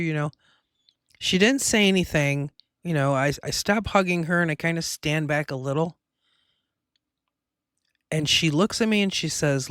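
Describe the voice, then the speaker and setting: A woman's voice: sits low, expressive, normal speed, pauses often, fairly bright tone, clear, resonant tone, dry recording, clean studio sound. A woman hosting her own show, telling a personal story in a rambling, emotional way with many fillers. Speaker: host.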